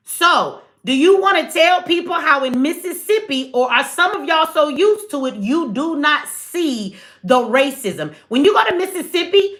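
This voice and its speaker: A woman's voice: high-pitched, fairly bright tone. A woman hosting a casual livestream, blunt, sarcastic and profane, talking straight to her chat. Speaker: livestream host.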